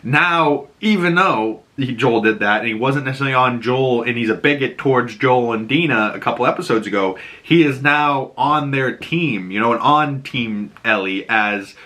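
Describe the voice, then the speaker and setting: Animated Boston-accented man recapping a show. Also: mid-range voice, normal speed, hardly any pauses. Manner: animated storytelling, mimics characters' lines, cursing. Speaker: TV episode recap host. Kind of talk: casual recap chat.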